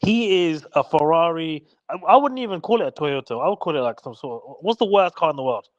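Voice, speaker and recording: A man's voice: a little high, animated, a little fast, no room sound, lo-fi sound. A young man bantering as a guest on a fan livestream, teasing and stumbling over repeated words.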